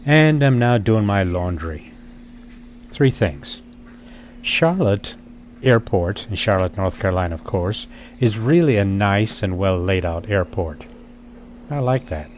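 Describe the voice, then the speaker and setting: A man talking in a slow, deliberate, dryly wry way, like he's keeping a video diary. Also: on the low side, animated, a little mellow, a little hiss or hum. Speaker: vlogger.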